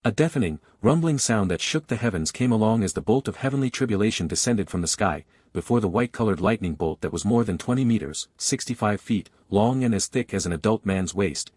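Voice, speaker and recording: A man reading a fantasy web novel aloud in steady scripted narration, close to the mic. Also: lowish voice, no echo.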